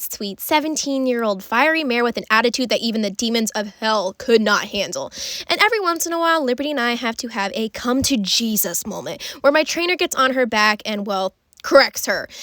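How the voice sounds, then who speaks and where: Chatty, higher-pitched young woman narrator. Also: fairly bright tone, dry recording, clean studio sound. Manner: rambling, playful, self-deprecating. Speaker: costume sewing vlogger.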